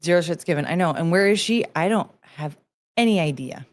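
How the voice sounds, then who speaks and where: A woman's voice: on the low side, animated, a little fast. Chatty woman hosting a livestream. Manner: chatty, greets viewers, sing-song asides. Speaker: livestream host. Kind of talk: casual livestream chat.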